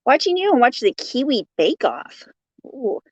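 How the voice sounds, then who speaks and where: A playful woman hosts a crafting livestream, greeting viewers by name and laughing between comments. Her voice sits a little high and swoops all over the place as she talks. It comes through dry and slightly dull, like a lo-fi phone stream. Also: sing-song, unhurried, no room sound. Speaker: crochet livestream host. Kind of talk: casual livestream chat, reading viewer comments. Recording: dull lo-fi sound.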